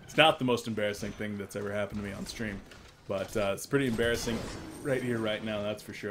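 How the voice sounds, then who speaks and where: The voice is fairly low and quick, with background noise behind it. It belongs to a young esports caster with hiccups doing solo play-by-play from his mother's home, chatty and self-deprecating, with excited outbursts on plays.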